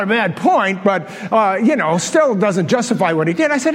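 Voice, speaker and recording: A middle-aged man and pastor telling a story in a sermon, animated and self-mocking, often laughing at himself. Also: high voice, moderate pace, few pauses. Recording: long reverb of a large hall.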